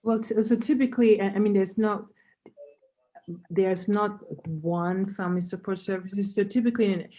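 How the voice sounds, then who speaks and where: A woman doctor answering a question on an online panel in a measured, explanatory way, with frequent fillers and restarts. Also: mid-range voice, fairly even intonation, warm tone, rough recording. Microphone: video call.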